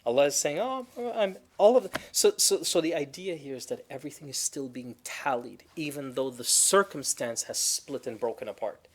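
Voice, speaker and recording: A man teaching a Quran class in a conversational way, telling stories with animated quoted voices and reciting Arabic verses quickly. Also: medium pitch, slightly rough. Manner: animated storytelling, acting out quoted spouses.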